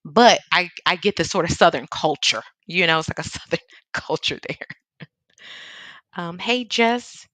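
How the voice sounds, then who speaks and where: Chatty Chicago-accented woman, low and dry. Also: expressive, unhurried, fairly bright tone, dry recording. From American Midwest. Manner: chatty, reads out viewer comments, laughs often. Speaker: artist livestream host. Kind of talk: casual livestream chat while painting. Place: home studio in Seattle.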